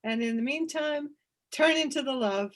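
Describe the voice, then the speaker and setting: A woman's voice: sits high, normal speed, slight background noise. A woman co-hosting a sports podcast in casual chat, upbeat and often giggling. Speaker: podcast co-host.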